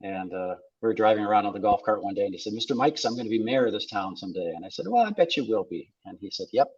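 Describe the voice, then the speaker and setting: Over dull lo-fi audio, a podcast guest, an older man from South Dakota, USA, spins wry stories in easy conversation, trading quoted lines back and forth. He talks rapid-fire in a fairly low, darkish voice with a breathy edge.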